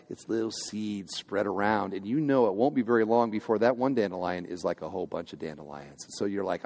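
A fairly low, slightly mellow male voice belongs to a senior pastor giving a sermon in a church sanctuary. He talks to the congregation in a relaxed, joking way, often posing questions to the hall, and the sound has a long churchy reverb.

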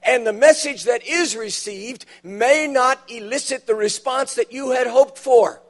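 A high-pitched man delivering a sermon in a church. He tells funny stories with timed punchlines and leans hard on the key words. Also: measured pace. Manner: storytelling with dramatic punchlines, emphatic rises. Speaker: preacher. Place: church auditorium.

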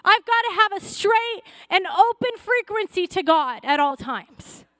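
A woman's voice: very high-pitched, expressive, measured pace, fairly bright tone, no room sound, clean studio sound. A woman pastor preaching a fervent sermon, exhorting her church with rising, repeated calls.

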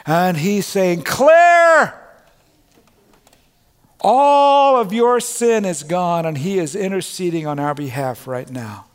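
A middle-aged man preaching from the pulpit with a fairly high voice for a man. The sound carries a long reverb from the hall around him. He is earnest, rising to loud proclamations and then dropping to quiet, personal asides. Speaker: pastor. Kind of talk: sermon. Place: church sanctuary.

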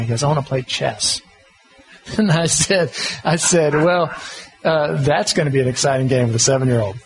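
A middle-aged man preaches in a relaxed, folksy way. His voice sits a touch higher than most men's, and he talks like he's chatting with friends. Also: normal speed, low-quality recording. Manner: folksy, conversational, self-deprecating. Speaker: pastor. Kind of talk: sermon on parenting.

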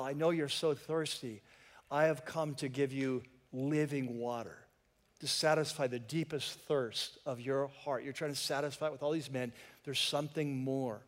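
Male pastor, casual conversational sermon, lightly joking, church sanctuary echo. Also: on the high side. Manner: conversational, joking asides to the congregation. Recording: long reverb of a church hall.

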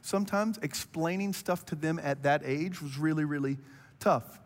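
A man preaching a sermon in an animated, conversational way, often clearing his throat. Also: on the high side, normal speed, big-room sound. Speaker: pastor.

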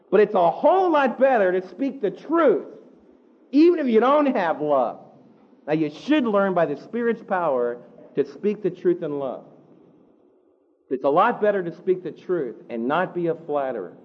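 A man preaching a sermon, animated, acting out the quotes he tells. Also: high-pitched, dull audio. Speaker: pastor.

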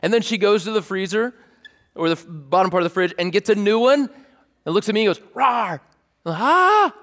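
A man preaching a sermon, animated, telling stories and acting out scenes with sudden outbursts. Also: high-pitched, fast. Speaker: pastor. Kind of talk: sermon with storytelling. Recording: long reverb of a large hall.

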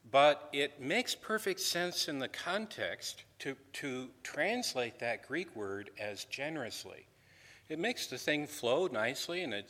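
A man teaching a scripture class, his voice bright and a little sharp. He talks in a conversational, wry way, often doubling back on his words. The sound carries a long reverb, as if in a large hall. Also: mid-range voice. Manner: conversational and wry, with frequent restarts. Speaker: Bible lecturer.

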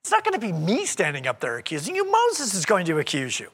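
A male preacher with a high, bright voice that swings widely in pitch, delivering an animated, conversational sermon. A long hall reverb trails behind each phrase. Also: fast talker, husky. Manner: animated and conversational, acts out quoted speech. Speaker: pastor.

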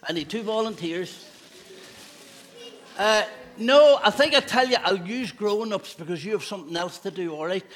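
A man's voice: high-pitched, lively intonation, moderate pace. A man, a pastor giving a playful children's talk in a church service, asking the children questions. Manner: playful, asks children questions, laughs often.

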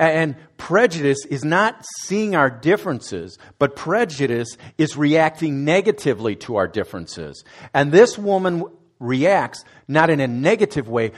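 Man preaching conversationally. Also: fairly high pitch. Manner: conversational preaching, asks the audience direct questions, some restarts. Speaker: student ministries director. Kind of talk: sermon.

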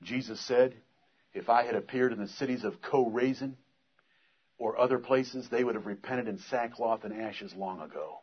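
Husky-voiced man preaching earnestly. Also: mid-range voice, normal speed, dull audio. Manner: earnest preaching, rising and forceful when reading scripture. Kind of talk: sermon.

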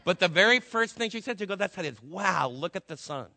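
Male pastor from New Jersey, chatty sermon delivery, bright voice, echoing hall. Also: high voice, animated, brisk, vocal fry. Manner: conversational preaching with asides and rhetorical questions. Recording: long hall reverb.

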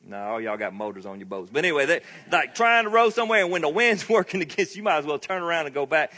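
A man's voice: on the high side, animated, fast, sharp tone. A male pastor preaching a sermon in a conversational, storytelling way, with frequent laughs. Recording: long reverb of a large hall.

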